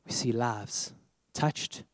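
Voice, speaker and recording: A man telling a lively personal story as part of a sermon, acting out the voices of the people in it. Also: medium pitch, takes it slowly, dry recording, clean studio sound, long reverb tail. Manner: animated storytelling, acts out quoted voices. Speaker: preacher.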